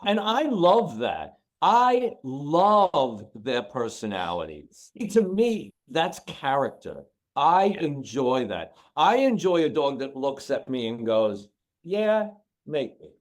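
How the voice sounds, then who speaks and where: A man speaking as a guest on a podcast, telling stories about his work with dogs. He talks in an animated, emotional way, his pitch jumping around as he repeats phrases for emphasis. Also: slow. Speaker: dog trainer and author, podcast guest. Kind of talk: casual interview talk.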